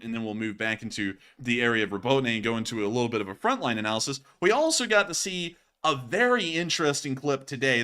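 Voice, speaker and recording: A man's voice: medium pitch, bright, forceful tone. A man hosting a war news show, commenting casually and jokingly over footage. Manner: chatty, joking, says y'all.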